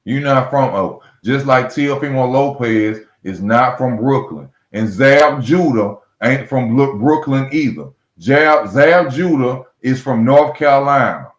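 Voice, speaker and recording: Animated but at a measured pace with hardly any pauses, a boxing host with a mid-range voice rants alone, bluntly mocking fighters to their faces and saying everything twice. The room is echoey and the audio slightly muffled.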